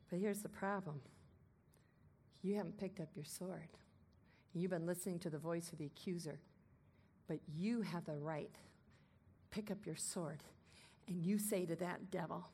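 A woman preaching a sermon, emphatic and commanding, moving between loud declarations and softer asides. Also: on the low side, moderate pace, pauses often, slightly rough.

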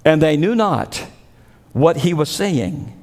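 High-voiced pastor preaching in a reverberant hall. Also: male voice, expressive, slow pace, darkish tone. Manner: dramatic preaching, acts out voices of biblical figures. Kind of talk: sermon.

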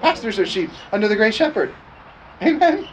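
A man's voice: medium pitch, expressive, moderate pace, slight background noise, poor audio. A man preaching a sermon as pastor, emphatic and repetitive, calling for responses from the congregation.

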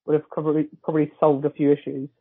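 A man's voice: a little high, completely flat delivery, quick pace, breathy edge, phone-quality sound. A man co-hosting a podcast, chatting casually and bluntly, repeating words as he goes. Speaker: podcast co-host. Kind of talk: casual chat.

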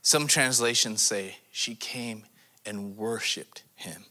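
A man preaching a sermon as a missions pastor to a congregation, asking them rhetorical questions and swinging his voice dramatically in pitch and loudness. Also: slow pace. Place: church service before a congregation.

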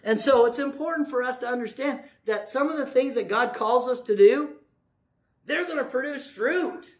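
A man's voice: very high voice, moderate pace. A man in his sixties, a pastor preaching a sermon in a folksy, joking, conversational way. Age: 60s.

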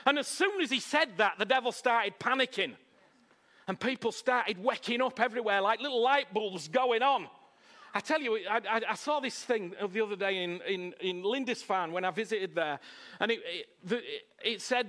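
A man preaches a sermon with lively intonation at a moderate pace, repeating phrases and calling "Huh?" out to the crowd. He alternates between loud, raised lines and low, hushed ones.

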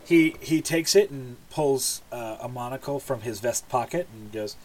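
A man narrating as game master in a relaxed, halting way with many fillers. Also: mid-range voice.

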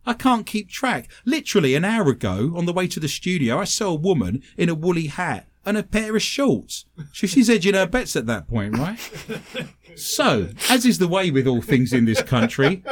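A man's voice: fairly high pitch, normal speed. A man with a British English accent, a paranormal investigator telling self-mocking stories on a talk show. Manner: animated, self-mocking anecdotes. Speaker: paranormal investigator and medium, guest. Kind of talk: casual storytelling on a talk show.

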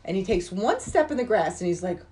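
A woman's voice: mid-range voice, expressive, dark tone. A woman in her forties on a podcast, casually retelling movie scenes and swearing as she acts out the characters' lines. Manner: swears freely, acts out lines in quick asides. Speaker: podcast host recapping a film.

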